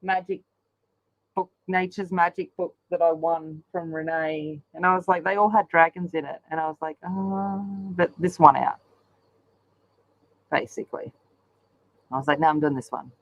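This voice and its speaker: A woman's voice: deep voice, steady tone, moderate pace, pauses often, dry recording, muffled recording. A woman chatting casually while she colours, rambling along with lots of ums. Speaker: colouring channel host. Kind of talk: casual chat while colouring on a live stream.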